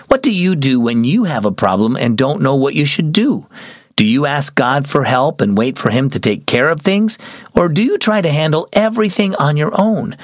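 A young man hosts and narrates a children's devotional story, his voice moving in lively swings of pitch. He speaks earnestly and expressively, close to the mic, with a dry sound and no room around him. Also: no room sound. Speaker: host and storyteller.

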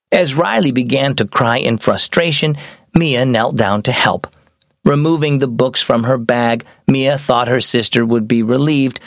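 A young adult man hosting a children's devotional show, reading a scripted story with animated storytelling. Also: medium pitch, dry recording, studio quality.

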